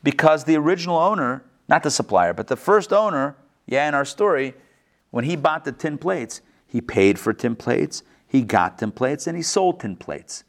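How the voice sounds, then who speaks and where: Animated man teaching a Talmud class. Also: normal speed, vocal fry. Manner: animated, repeats phrases for emphasis, rhetorical questions; acts out story quotes in varied pitch. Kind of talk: online Talmud lesson.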